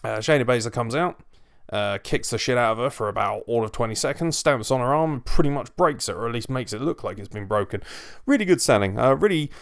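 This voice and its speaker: A man's voice: mid-range voice, lively intonation, fairly quick, vocal fry, clean tone, no echo, clean studio sound. A man giving a casual, opinionated wrestling review, blunt and emphatic and swearing freely.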